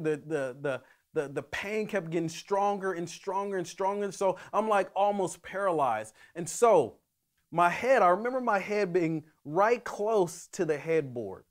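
Male pastor, conversational sermon delivery, somewhat high voice, halting restarts. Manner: conversational, with many restarts and fillers.

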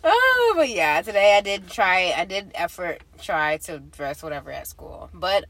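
A woman's voice: lowish voice, moderate pace, no room sound. A teenage girl co-hosting a casual podcast, telling stories with lots of swearing. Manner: animated storytelling, lots of swearing. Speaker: podcast co-host. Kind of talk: casual chat.

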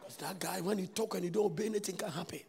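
With a Ghanaian English accent, a man preaches as a prophet to his congregation in a high-pitched, racing voice. He shifts between shouted declarations and hushed asides, and the recording carries a long hall reverb.

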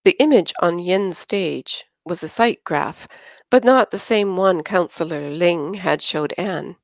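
A woman narrating a science fiction audiobook in a measured, even reading. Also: on the low side, no room sound.

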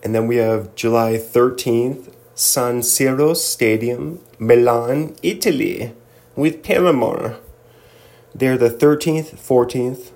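A man's voice: medium pitch, takes it slowly, gravelly, darkish tone. Laid-back, jokey man from Southern California. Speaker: host. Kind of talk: casual video chat.

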